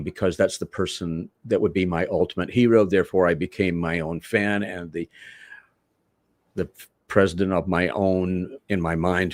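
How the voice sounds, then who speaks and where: A man from Manchester, England, telling rambling, animated stories as a wrestler guest in an interview. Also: low-pitched, no room sound. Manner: rambling, animated, self-correcting storyteller. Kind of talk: interview storytelling.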